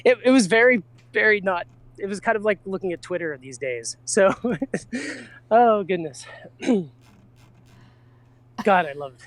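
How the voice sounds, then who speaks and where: A man in casual chat, telling a long anecdote with lively acted-out quotes. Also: high voice, a little slow, pauses often, no room sound. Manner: animated anecdote teller, acts out quotes.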